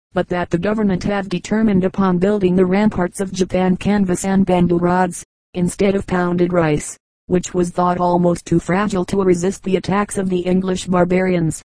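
A woman reading an audiobook as scripted narration, in an even, unhurried manner. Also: fairly low pitch, no room sound, low-quality recording. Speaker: audiobook reader.

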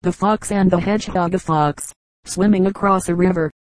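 A narrator reading fables aloud in an even, measured storytelling manner. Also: medium pitch, no echo, poor audio. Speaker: audiobook narrator.

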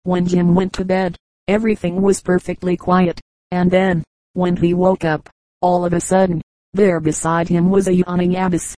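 A woman narrates short comic anecdotes in an even, measured storytelling way. Her voice is mellow and warm. The recording is dry and close, with no room sound around her. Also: fairly low pitch, dry recording, poor audio. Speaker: audiobook reader. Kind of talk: scripted narration of humorous anecdotes.

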